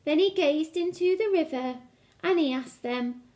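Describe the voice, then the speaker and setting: A woman teacher reading a picture book aloud to children, expressive and engaging. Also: high voice, measured pace. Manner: expressive, asks the listeners questions.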